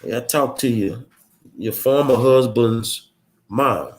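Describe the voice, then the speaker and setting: A man's voice: medium pitch, slow pace. A man delivering a blunt, combative monologue full of rhetorical questions, in a streetwise manner. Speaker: political commentary host. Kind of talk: confrontational monologue.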